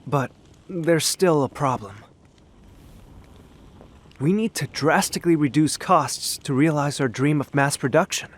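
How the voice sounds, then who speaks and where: A man's voice: on the high side, a little slow, pauses often, slight background noise, natural voice. An actor voicing an earnest, idealistic male inventor in a video game, speaking formally. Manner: earnest, formal, stammers when flustered. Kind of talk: game voice acting.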